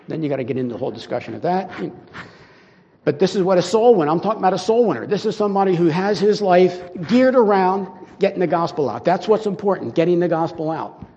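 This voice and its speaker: Older male preacher, high-voiced, rambling and chatty; muffled recording in a reverberant church hall. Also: lively intonation, quick pace, dark tone. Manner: rambling, conversational, acts out little dialogues. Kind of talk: informal sermon. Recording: dull sound with long hall reverb.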